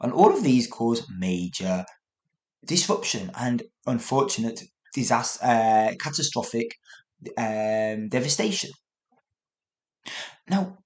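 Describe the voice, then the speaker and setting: Animated man telling a story. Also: fairly high pitch. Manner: animated, acts out sounds with noises, corrects himself mid-sentence. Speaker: English teacher podcast host. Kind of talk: casual storytelling monologue for learners.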